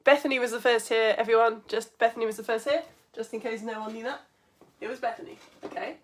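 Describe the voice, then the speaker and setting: A woman's voice: on the high side, steady tone, quick pace. Bubbly chatty woman science teacher. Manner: chatty, bubbly, greets viewers by name. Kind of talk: live online lesson for children.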